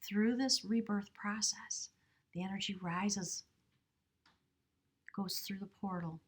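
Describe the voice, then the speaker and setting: A woman giving a channeled tarot reading to the camera, speaking slowly and earnestly, often dropping into a whisper. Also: medium pitch, steady tone, slightly rough. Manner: soft, slow, drifting into whispers; earnest, spiritual. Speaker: tarot reader.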